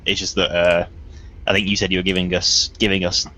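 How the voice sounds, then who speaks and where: A man's voice: sits low, little pitch movement, brisk, sharp tone, rough recording. A man playing in a casual tabletop role-playing session, easygoing and jokey as he reads out his stats. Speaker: player. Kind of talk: casual tabletop game chat.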